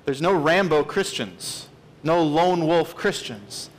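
A man's voice: a little high, lively intonation, slow. A man in his late thirties preaching a sermon as pastor, earnest and emphatic, stressing key words. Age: 30s.

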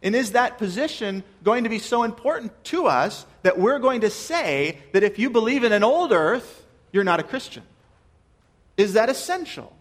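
A pastor preaching a sermon to his church, earnest and measured, asking his listeners questions. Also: high-pitched.

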